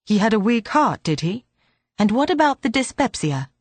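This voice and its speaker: A woman voicing a brisk, thoughtful police chief inspector who asks clipped, businesslike questions. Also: high voice, very animated, no echo, pitched above the performer's own voice.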